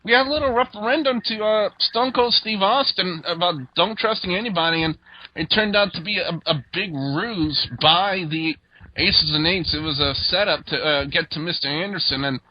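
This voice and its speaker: A man hosts a laid-back wrestling review, recapping events in a rambling way full of fillers. His voice sits a bit high, and the podcast audio is dull and lo-fi. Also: moderate pace. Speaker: host. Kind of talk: casual wrestling review chat.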